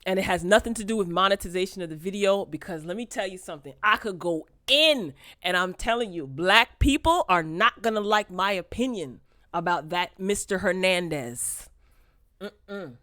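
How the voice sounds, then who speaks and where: A woman's voice: fairly low pitch, expressive, normal speed, bright, forceful tone, dry recording, clean studio sound. A woman hosting a live morning show, chatting casually and refusing things with dramatic emphasis. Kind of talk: casual live-stream chat.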